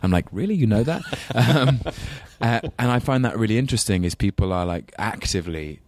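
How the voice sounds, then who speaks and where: A man in his thirties with a London accent talks loosely as an interview guest, drifting between thoughts and laughing at his own stories. His voice sits very low. The sound is close and dry. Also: animated, brisk, vocal fry, no room sound. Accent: London English. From England. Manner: rambling, self-deprecating, laughs often. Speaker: actor guest. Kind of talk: casual interview chat.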